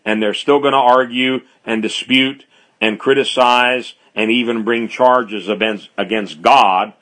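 A man preaching an expository sermon, speaking deliberately and driving his points home through emphatic repetition. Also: medium pitch, fairly even intonation, a bit bright.

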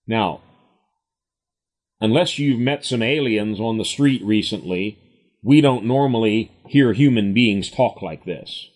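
Guy preaching a bible study, slow and deliberate, reads verses then drives the point home. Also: lowish voice, animated, a little mellow. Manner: slow, deliberate reading of scripture with emphatic commentary.

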